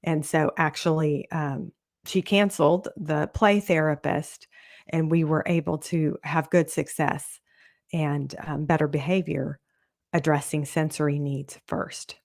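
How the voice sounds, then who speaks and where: A woman's voice: low voice, fairly even intonation, measured pace, creaky, darkish tone. Earnest woman parenting coach. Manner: earnest, explaining, acts out quoted kids and parents. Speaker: parenting coach, podcast host. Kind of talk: solo podcast talk.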